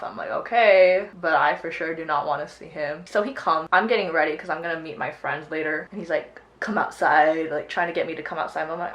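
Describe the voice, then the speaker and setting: A woman's voice: on the low side, brisk, a bit bright, roomy sound. A young woman chatting casually while doing her makeup, telling a story with plenty of swearing. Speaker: beauty vlogger. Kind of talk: casual get-ready-with-me chat.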